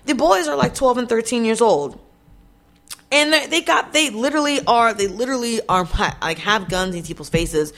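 A woman's voice: fairly high pitch, lively intonation, moderate pace, a bit bright. A woman vlogger giving casual commentary on a news story, talking straight to her viewers in a blunt, indignant way with plenty of swearing. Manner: chatty, addresses viewers directly.

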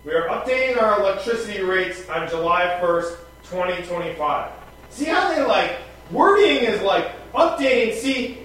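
A man's voice: high-pitched, fairly bright tone. A man hosting a radio show, chatting in a rambling, wry way with many fillers. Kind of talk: casual radio chat. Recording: very echoey, far from the mic.

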